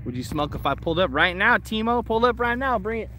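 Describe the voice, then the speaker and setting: A man livestreaming outdoors while walking his dogs, casually chatting with viewers and swearing freely in an excitable way. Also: high-pitched, fast talker, a little hiss or hum. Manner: profane, excitable, greets chat viewers. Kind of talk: casual live stream chat.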